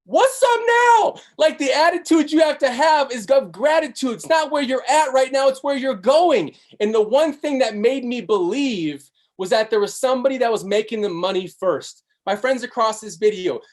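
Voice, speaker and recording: Hyped-up man chanting sales slogans. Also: normal speed. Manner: energetic, chanting repeated slogans, swinging pitch. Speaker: network marketing presenter. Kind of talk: hype motivational sales pitch on a live webinar.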